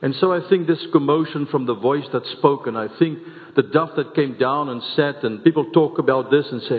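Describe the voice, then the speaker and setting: A man's voice: mid-range voice, brisk. A man from South Africa preaching a sermon, earnest and repeating words as he builds each point. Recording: tinny phone-like sound, long hall reverb.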